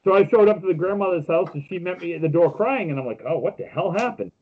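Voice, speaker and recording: A man with a raised, husky voice hosts a casual podcast, joking and rambling with lots of fillers. The audio is dull and lo-fi, like a home podcast setup. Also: high voice, expressive, fast. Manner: joking storyteller with many fillers. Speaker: podcast co-host.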